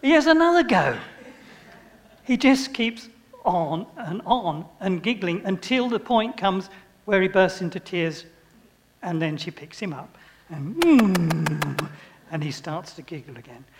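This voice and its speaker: An older man preaching, his voice sitting high for a man. He tells homely stories, chuckles and acts out little scenes. His words ring on with a long echo of a church hall. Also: lively intonation, measured pace, slight background noise. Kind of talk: sermon.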